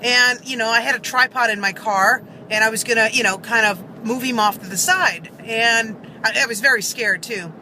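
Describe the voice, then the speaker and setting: Woman vlogging from her car, super bright sharp voice, rambly and earnest, lots of ums. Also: on the high side, moderate pace, few pauses, a little hiss or hum, poor audio. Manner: earnest, rambling, many fillers and restarts. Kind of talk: casual storytelling to camera.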